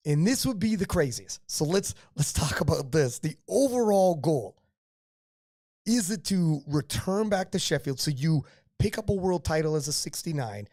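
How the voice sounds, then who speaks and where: A man with a fairly high voice hosts a live podcast interview. He talks in excited, rambling runs of hype and often repeats his words as he builds a point. The sound is close and dry. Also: no echo. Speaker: podcast host.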